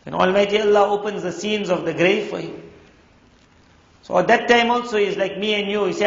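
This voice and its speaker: A man's voice: sits high, fairly quick. A man preaching a sermon, telling stories and acting out the quoted voices. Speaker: Islamic preacher. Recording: echoey hall, dull lo-fi sound.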